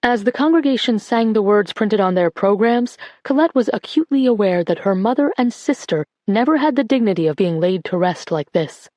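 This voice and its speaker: A woman narrating an audiobook in a calm, even voice on a close studio mic. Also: mid-range voice, no room sound.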